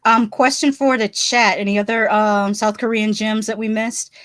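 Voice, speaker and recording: A woman's voice: mid-range voice, level tone, moderate pace, a bit bright, no room sound. A woman co-hosting a casual livestream chat, laughing often and reading comments from the chat aloud. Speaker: co-host. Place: home, live stream.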